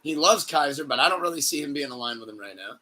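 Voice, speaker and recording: A man hosting a podcast in casual chat, excitable and swearing, laughing often. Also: fairly high pitch, fast talker. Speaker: podcast host.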